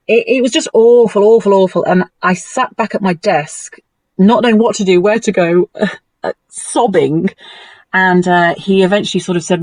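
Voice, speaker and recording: Woman, guest, emotional storytelling, animated, dry close sound. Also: a little slow, no echo. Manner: animated and emotional, lively pitch swings. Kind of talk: personal storytelling in a conversation.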